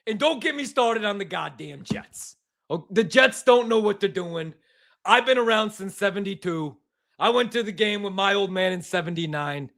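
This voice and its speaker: A man putting on a loud, angry male New York sports radio caller who rants and swears, with a New York accent. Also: high voice, animated, normal speed, creaky, heavily acted. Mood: indignant. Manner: shouting, profane ranting.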